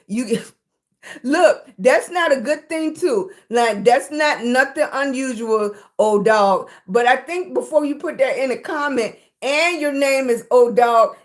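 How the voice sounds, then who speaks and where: Chatty Southern woman livestreaming. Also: mid-range voice. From Virginia. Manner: chatty, thanks viewers warmly by name. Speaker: livestream host. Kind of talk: casual livestream chat.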